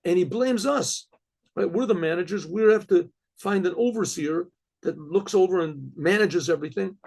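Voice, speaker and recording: A man's voice: sits high, normal speed, creaky, darkish tone, husky, exaggerated voice. A man doing grumbling estate managers. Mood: exasperated.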